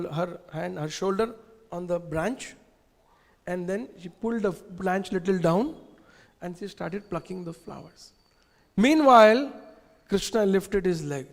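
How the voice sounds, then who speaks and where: A man, teaching a scripture class and telling stories in an animated way, asking the audience questions. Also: sits high. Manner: animated, asks the audience questions, uses gestures. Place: temple hall. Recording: long reverb in a temple hall.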